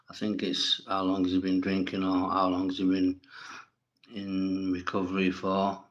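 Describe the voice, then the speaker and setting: A man's voice: deep voice, a bit bright. A man hosting a casual livestream, reading viewers' comments and answering them bluntly, with plenty of swearing and rambling. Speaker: livestream host.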